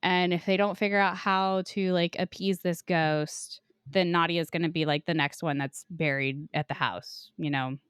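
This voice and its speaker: A woman's voice: on the low side, steady tone, normal speed, a bit bright, clean tone, no room sound. Chatty woman podcast host, dry sound. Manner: retells plots loosely with frequent "like" and swearing. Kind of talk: casual book discussion.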